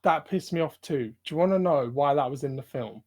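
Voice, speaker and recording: A man's voice: a little high, animated, brisk, darkish tone. A young man co-hosting a podcast, talking emphatically and ranting with plenty of swearing. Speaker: podcast co-host. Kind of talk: casual chat.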